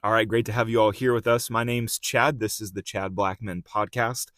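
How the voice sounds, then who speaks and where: A man's voice: on the low side, normal speed. A man hosting a podcast and telling a story in a casual way, with fillers, who acts out the people he quotes. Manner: animated retelling, quoting people in a raised voice; conversational, filler "like" and "uh". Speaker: podcast host.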